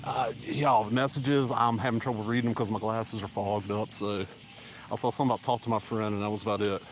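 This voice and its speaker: A man's voice: fairly low pitch, level tone, brisk, background noise. Southern man rambling on a country walk. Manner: rambling, casual, drawling asides. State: slightly out of breath from walking. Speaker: vlogger. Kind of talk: rambling live-stream chat while walking. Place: country road outdoors. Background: crickets and insects.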